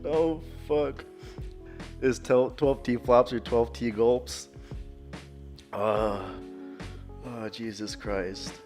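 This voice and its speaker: A man's voice: mid-range voice, fairly even intonation, extremely slow, long pauses, darkish tone, faint music behind. A man chatting casually on a live gaming stream, crude and joking, laughing often.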